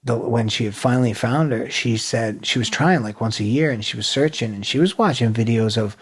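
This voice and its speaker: Gravelly, husky man telling his story. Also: medium pitch, brisk. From New England. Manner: blunt, swears freely, emotional retelling. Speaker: podcast guest. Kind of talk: candid conversational storytelling.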